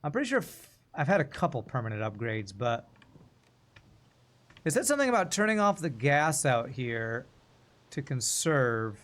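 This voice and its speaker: A man streaming a puzzle game in a relaxed, musing way, whose sentences often trail off quietly. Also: medium pitch, moderate pace, pauses often. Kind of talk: casual gameplay commentary.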